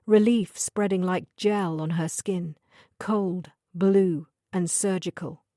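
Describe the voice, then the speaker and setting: A woman narrating an audiobook thriller in a measured, even storytelling manner. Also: mid-range voice, dry recording, clean studio sound. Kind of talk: scripted narration.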